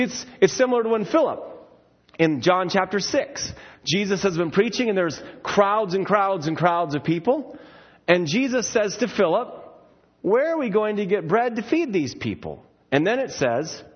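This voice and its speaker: Male preacher, sermon, husky voice, storytelling asides. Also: sits high, expressive, moderate pace, dull audio.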